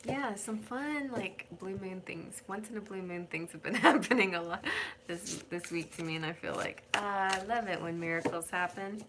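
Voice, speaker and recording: A woman's voice: mid-range voice, moderate pace, noisy background. A middle-aged woman giving a chatty, rambling tarot reading on a live stream from home. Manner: chatty, rambling, sings names, talks to her cat. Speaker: tarot reader.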